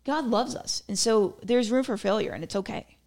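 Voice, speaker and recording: A woman's voice: a little high, moderate pace, vocal fry, darkish tone. A young woman hosting her own podcast, talking casually and playfully, joking about herself. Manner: chatty, playful, self-mocking jokes. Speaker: podcast host. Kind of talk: casual solo podcast talk.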